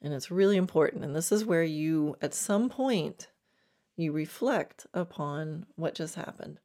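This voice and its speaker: A woman's voice: deep voice, animated, a little slow, warm tone. A woman horsemanship coach hosting a podcast, giving an encouraging, conversational teaching monologue and laughing often.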